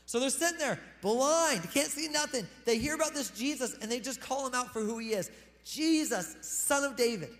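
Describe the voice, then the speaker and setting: A male pastor with a very high voice delivers a lively sermon. He punches key lines loudly and then drops into fast, quieter asides. The sound rings with the long reverb of a church hall. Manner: animated, swings between loud emphasis and quick asides.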